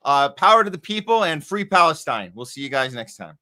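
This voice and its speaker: A man's voice: a little high, big pitch swings, a little fast, pushed and bright. A man hosting a live news podcast from a home studio, talking casually and upbeat, often restarting his sentences. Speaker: podcast host. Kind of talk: casual live show chat.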